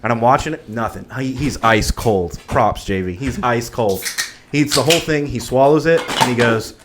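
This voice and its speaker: A man's voice: medium pitch, normal speed, a bit bright, slight background noise. Laid-back male podcast host. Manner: laid-back, profane banter. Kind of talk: casual chat.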